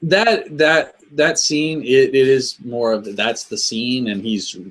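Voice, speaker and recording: A man's voice: medium pitch, slow, a bit bright, low-quality recording. A man, the host's brother and guest, talking through a casual movie discussion with repeated phrases and restarts.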